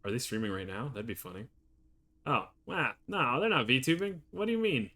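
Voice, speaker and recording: A man's voice: medium pitch, expressive, normal speed, bright, forceful tone. A male streamer chatting casually while playing a game, reacting aloud and laughing often. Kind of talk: casual gameplay commentary.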